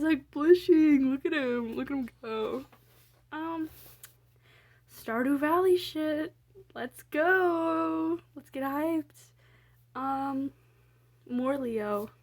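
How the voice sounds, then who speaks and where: A young woman casually rambling through her sketchbook, full of fillers, self-deprecating asides and casual swearing. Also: on the high side. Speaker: artist showing her sketchbook.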